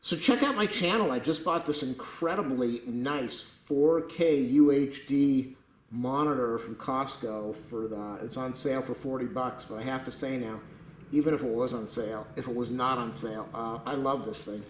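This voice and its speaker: A man's voice: mid-range voice, steady tone, moderate pace, reverberant, rough recording. A man rambling through a chatty, meandering vlog commentary at his computer table at home, with jokey asides. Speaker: tech video creator.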